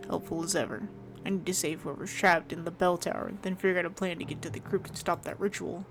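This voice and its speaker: A woman hosting a let's play, relaxed, reading the detective's lines aloud in her own plain voice as she plays. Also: on the low side, fast, soft background music. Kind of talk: reading game dialogue aloud while playing.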